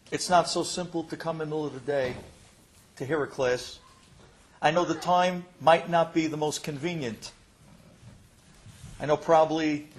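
A middle-aged man, a rabbi, giving a Torah class as an animated storyteller who acts out the dialogue. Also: fairly high pitch.

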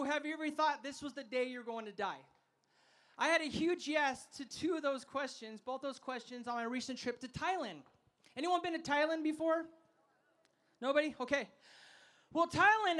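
High-voiced man preaching with energy. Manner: energetic, asks the crowd to call back; humorous storytelling. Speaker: festival speaker. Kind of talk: sermon.

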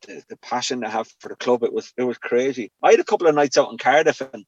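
A man's voice: medium pitch, quick pace, husky, no room sound, highs cut off. A man with an Irish accent, a former footballer telling stories in a casual chat and quoting others as he goes. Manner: animated storyteller, quotes others in their voices.

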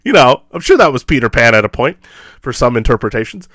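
A man co-hosting a casual film podcast, talking excitedly, with lots of laughs and fillers. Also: mid-range voice, fast talker, no room sound, studio quality. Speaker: podcast co-host. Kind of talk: casual chat about a film.

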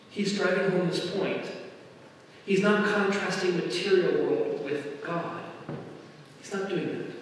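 A pastor giving a conversational sermon to his congregation, his delivery swinging between loud emphasis and quiet asides. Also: a little high, a little hiss or hum. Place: church sanctuary. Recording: echoey hall, mic at a distance.

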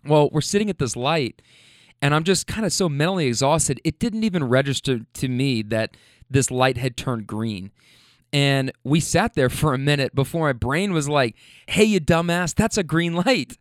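A man's voice: medium pitch, moderate pace, no echo, clean studio sound. A man who drives for a rideshare service telling a candid, profane story, often laughing. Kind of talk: casual storytelling.

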